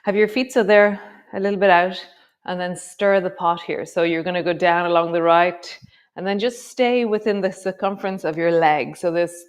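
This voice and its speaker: A woman teaching a yoga class, giving calm, slow movement cues with soft trailing words. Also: fairly low pitch, clear, resonant tone. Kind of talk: guided yoga class instruction.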